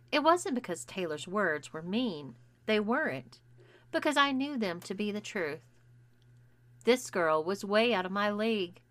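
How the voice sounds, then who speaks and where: Female narrator, audiobook reading, slow pace, bright tone. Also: medium pitch. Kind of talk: scripted first-person story narration.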